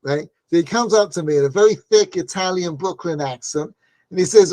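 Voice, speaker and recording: A man's voice: sits high, fairly quick, dark tone, no echo. A man teaching a Torah class, telling stories in a conversational way with frequent "right?" asides and acted-out quotes. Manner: acts out quoted voices in stories.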